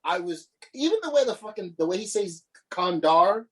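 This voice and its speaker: A man's voice: high-pitched, very animated, fairly quick, slightly rough, rough recording. Ranting, swearing male podcast co-host. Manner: ranting, swears often, many restarts. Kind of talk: casual podcast chat.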